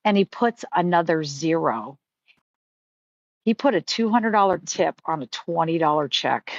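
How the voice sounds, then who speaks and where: Low-pitched, expressive and unhurried, a middle-aged woman shares stories on a casual live stream. She's chatty and heartfelt, using many fillers, and her stream audio is dry, echo-free and slightly muffled.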